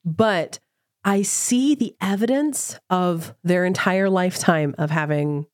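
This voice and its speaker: Woman podcast co-host, thirties, lowish voice, fast and emphatic, dry sound. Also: no room sound. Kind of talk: casual chat.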